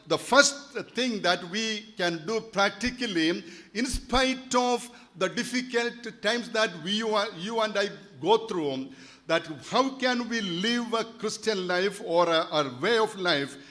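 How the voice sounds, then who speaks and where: High-voiced pastor in his sixties. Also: sharp tone. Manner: earnest, repeats key phrases for emphasis. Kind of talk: sermon. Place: church.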